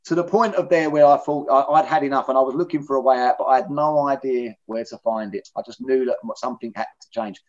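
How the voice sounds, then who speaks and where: In a dull lo-fi recording, a middle-aged man in recovery gives personal testimony during an interview. His medium-pitched voice moves fast with hardly any pauses, and he tells his story candidly, in a blunt, plain-spoken way.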